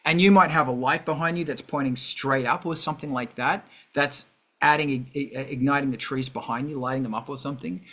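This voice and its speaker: Bright-voiced man rambling on a livestream. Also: medium pitch, fairly quick. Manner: rambling, animated, many fillers and restarts. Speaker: host. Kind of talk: casual livestream chat.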